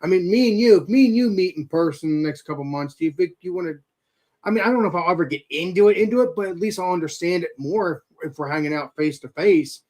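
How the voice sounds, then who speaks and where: A man with a somewhat high voice hosts a casual chat. He is curious about his guest's hobby and keeps asking questions. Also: quick pace, a little mellow. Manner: curious, asks many questions. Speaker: host.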